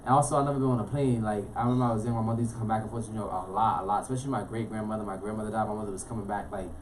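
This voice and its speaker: Fast-talking young man from Florida. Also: lowish voice, background noise. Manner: fast, animated, streetwise slang, frequent "you know what I'm saying". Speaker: interview guest. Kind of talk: casual personal storytelling.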